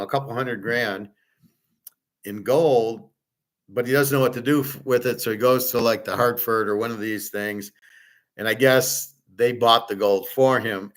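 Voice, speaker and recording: A middle-aged male host holding forth in a loose, unscripted rant. His voice sits at an ordinary mid pitch, and he talks bluntly, swears freely and sounds openly exasperated. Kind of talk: casual ranting commentary.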